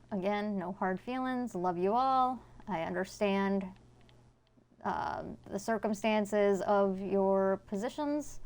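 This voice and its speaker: A woman's voice: mid-range voice, gravelly, darkish tone. A woman game streamer chatting casually with her viewers while she plays, blunt and swearing freely. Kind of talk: casual live-stream chat.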